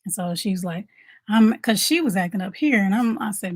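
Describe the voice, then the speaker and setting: A woman's voice: medium pitch, fairly quick, darkish tone, slightly rough, no room sound. A woman giving a motivational talk as a mom coach, conversational, repeating her points and asking viewers questions.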